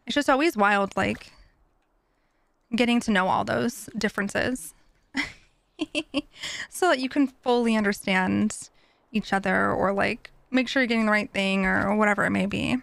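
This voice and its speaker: A woman's voice: mid-range voice, moderate pace, gravelly, long pauses, a bit bright, no echo. A woman streaming live, chatting casually with viewers in a rambling way full of fillers and sympathetic asides. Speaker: streamer reading chat.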